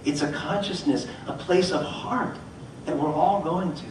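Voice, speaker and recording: Middle-aged guy telling a story on stage, slightly high voice, big echo, mic kinda far off. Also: measured pace, slight background noise. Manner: animated, acts out voices in his stories. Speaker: motivational speaker. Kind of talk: storytelling talk. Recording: echoey hall, mic from far off.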